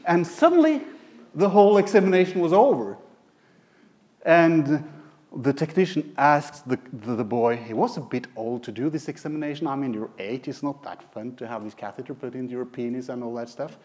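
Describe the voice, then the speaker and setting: A man who is a pediatric radiologist, giving a lecture with anecdotes in a halting way with many restarts. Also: mid-range voice, lively intonation, darkish tone. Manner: halting, many fillers and restarts, chuckling asides.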